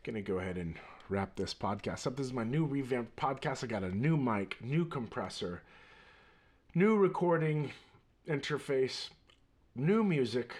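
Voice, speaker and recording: A man hosting his own podcast, telling a story in a rambling, animated way and laughing readily. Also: medium pitch, moderate pace, breathy edge. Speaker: podcast host. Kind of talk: casual storytelling monologue.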